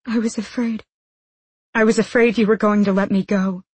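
A woman reading an audiobook, voicing a fierce, defiant young woman with a breathy voice. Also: mid-range voice, steady tone, normal speed, no echo, voice pushed up, lightly acted. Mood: shaken. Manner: sharp, demanding, raised voice.

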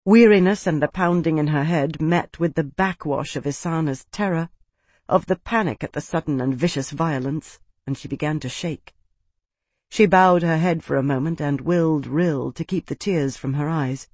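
A man's voice: on the high side, normal speed, a little mellow, dry recording. A man narrating a fantasy novel as an audiobook, reading steadily and dramatically.

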